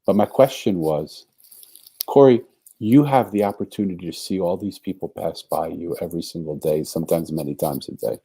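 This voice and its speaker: A man with a low, dark, husky voice tells a story as a podcast guest. He speaks earnestly and acts out the voices of the people he quotes. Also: normal speed. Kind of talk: storytelling in a conversation.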